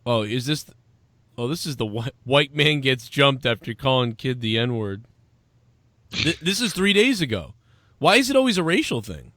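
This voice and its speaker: A man co-hosting a casual chat show, reacting loudly to a video, swearing, laughing hard and mimicking people. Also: mid-range voice, sing-song, normal speed, no echo. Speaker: podcast co-host.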